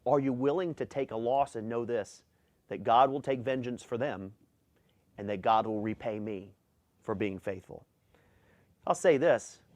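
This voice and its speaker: A man's voice: medium pitch, darkish tone, no echo. A middle-aged male pastor preaching a sermon, reading scripture aloud and driving his points home with emphasis.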